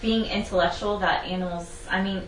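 A woman's voice: mid-range voice, fairly even intonation, moderate pace. A woman in a class discussion, speaking tentatively and searching for words. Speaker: class student. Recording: distant, echoey, loud noise.

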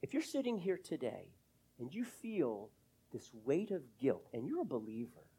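A middle-aged man preaching a sermon as pastor, earnest, drawing out key words and swinging between loud emphasis and hushed, near-whispered asides. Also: on the high side, huge pitch swings, normal speed, husky.

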